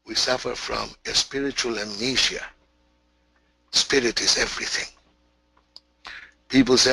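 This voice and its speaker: Male spiritual teacher, webinar storytelling, emphatic, repeats himself, slow and bright, dry close sound. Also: medium pitch, fairly even intonation, creaky, husky, dry recording, rough recording. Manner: emphatic, repetitive, many restarts.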